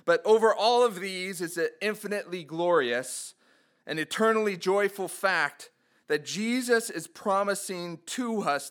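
A man's voice: high-pitched, expressive, unhurried, a bit bright. A man preaching a sermon, reading scripture aloud and putting earnest rhetorical questions to his listeners. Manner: reads scripture aloud, rising in fervor on quoted cries.

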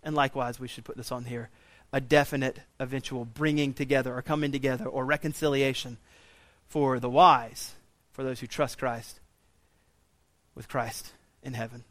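A pastor preaching a sermon in a church, swinging from quiet intensity to loud, raised pleading. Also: male voice, mid-range voice, steady tone, normal speed, dry recording. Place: church sanctuary.

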